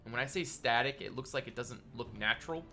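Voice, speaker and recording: A man chats and rambles through a live building stream with a clear, bright voice. He is congested and a little nasal from a cold. Faint music plays under his talk. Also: medium pitch, quick pace. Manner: chatty, rambling, greets chat by name. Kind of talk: casual live-stream chat while building.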